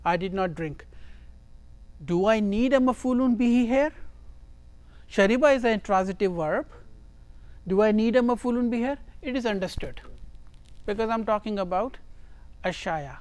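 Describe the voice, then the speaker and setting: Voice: medium pitch, normal speed, long pauses, darkish tone, dry recording. A teacher giving a grammar lesson who reads each phrase, translates it and explains it step by step, often repeating words for emphasis.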